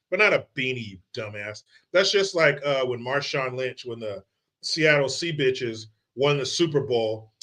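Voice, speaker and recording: A man's voice: a little high, sharp tone. A man hosting a live commentary stream, ranting in a casual, mocking and profane way. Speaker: livestream host.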